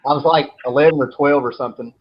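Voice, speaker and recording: This show host, a man in his thirties, talks fast in a steady, mid-range voice. He spins long, rambling stories in a laid-back, chatty way and swears freely, captured on dull lo-fi audio with faint noise.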